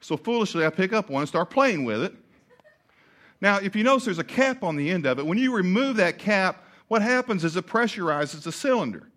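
Brief: male pastor, slightly high voice, self-mocking storyteller. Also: a little fast. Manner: animated storyteller, laughing at himself. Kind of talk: sermon storytelling.

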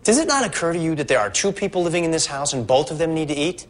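A man's voice: on the high side, animated, fast talker, lightly acted. Man playing an indignant firefighter husband. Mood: arguing. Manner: defensive, indignant arguing. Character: husband, a firefighter, arguing with his wife.

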